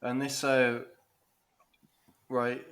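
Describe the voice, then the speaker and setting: A man's voice: medium pitch, completely flat delivery, very slow, a bit bright, clean tone. A man, co-hosting a podcast, swearing freely and laughing through his stories in casual banter. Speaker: podcast co-host.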